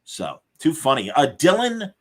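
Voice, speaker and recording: A man's voice: fairly high pitch, wildly swooping pitch, unhurried. A man hosting a podcast, chatting casually and bantering eagerly with his guest. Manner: eager, upbeat interjections and banter. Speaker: podcast host. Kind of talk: casual interview chat.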